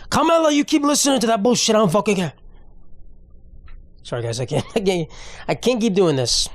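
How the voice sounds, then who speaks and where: A young man talks on his own comedy podcast in a loose, rambling monologue, tossing out profanity with offhand ease. His voice sits a touch high for a man, and the close mic keeps it dry with no room sound. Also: a little mellow, smooth, no echo. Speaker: podcast host.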